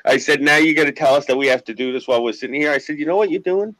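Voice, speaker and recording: A man's voice: a little high, rapid-fire, a bit bright, low-quality recording. A man from Queens with a New York accent, hosting a casual online chat and telling brash, profane stories. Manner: brash storytelling, swears freely.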